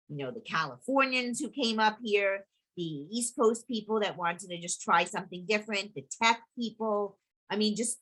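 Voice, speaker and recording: A middle-aged woman with a clear New York accent presents over a video call, her pitch sitting right in the middle of the usual range. She talks loosely and conversationally, dropping frequent fillers and restarting her sentences as she goes. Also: a bit bright, low-quality recording. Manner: chatty, full of fillers and restarts. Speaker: historical society presenter.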